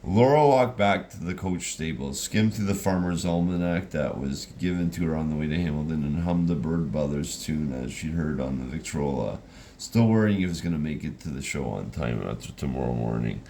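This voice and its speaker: A man's voice: extremely low pitch, fairly quick, mellow, a little hiss or hum. A man narrating a storybook reading in a loose, rambling way with restarts.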